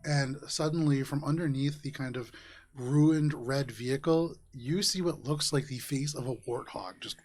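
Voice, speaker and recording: A man's voice: mid-range voice, moderate pace. Man narrating a tabletop game. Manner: relaxed storytelling with filler words. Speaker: game master.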